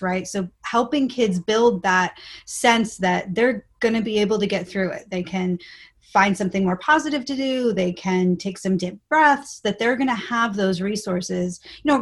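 A woman in her forties, a research guest on a podcast, explaining ideas in an upbeat way and lively when quoting. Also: mid-range voice. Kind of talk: podcast interview.

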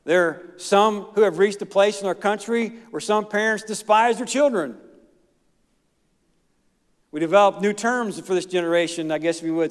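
A man's voice: sits high, clear, resonant tone, in a large hall. A middle-aged male pastor preaching a sermon in a folksy, plain-spoken way, with asides and chuckles. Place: church.

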